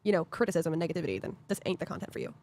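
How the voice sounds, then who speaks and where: A woman chats fast and sarcastically on a stream, mocking what she reads and laughing along. Her pitch is ordinary, and there is a faint background hiss. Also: very animated, darkish tone. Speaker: stream co-host.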